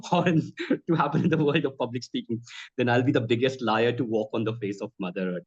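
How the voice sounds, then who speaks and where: A man, a spoken trainer answering interview questions in an expressive way. He laughs often and keeps saying ma'am. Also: medium pitch, fast, muffled recording.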